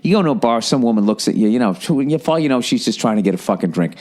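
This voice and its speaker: A man hosting a podcast, telling a rambling, profane comic story in an animated way. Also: mid-range voice, quick pace. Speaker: podcast host. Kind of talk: comedic storytelling rant.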